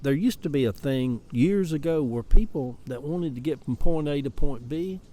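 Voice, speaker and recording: A man's voice: a little high, normal speed, warm tone, slight background noise. A man in his seventies with a Southern American accent, talking in a rambling, folksy way in a casual vlog, out in his garden. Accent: Southern American, Atlanta Cabbagetown dialect. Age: 70s. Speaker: social media storyteller. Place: outdoors in a backyard garden.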